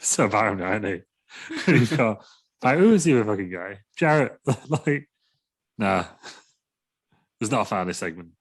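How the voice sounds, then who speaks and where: A man's voice: lowish voice, expressive, moderate pace, pauses often, breathy edge. A man co-hosting a casual wrestling podcast, blunt, sweary and teasing. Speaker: podcast co-host. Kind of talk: casual wrestling review chat.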